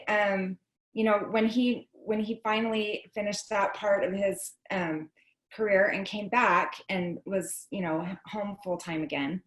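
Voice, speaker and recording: A woman's voice: medium pitch, reverberant. A woman telling her personal story on a video call, chatty and full of fillers and restarts.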